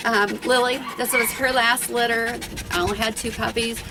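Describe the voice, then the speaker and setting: Talking on her home video, this middle-aged woman who breeds dogs has a fairly high, steady voice at a normal speed, with noise in the background. Her casual chat wanders, she's slightly breathless, and she's full of fillers and restarts.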